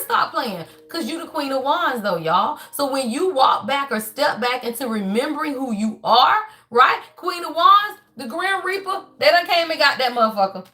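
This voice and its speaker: A woman giving a casual tarot reading to her viewers, emphatic and profane, with animated laughs and sudden shouts, tagging her sentences with y'all. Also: high-pitched, normal speed. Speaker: tarot reader.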